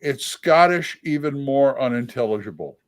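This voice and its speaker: A man co-hosting a casual chat, talking in an animated way and hopping from one tangent to the next. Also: medium pitch, normal speed. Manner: animated, jumps between tangents. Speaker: co-host.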